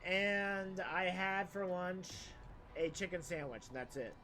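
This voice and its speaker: Young man, streamer, rambling crude jokes, high voice, bright tone. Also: steady tone, takes it slowly, faint music behind. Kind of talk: casual live-stream chat while gaming.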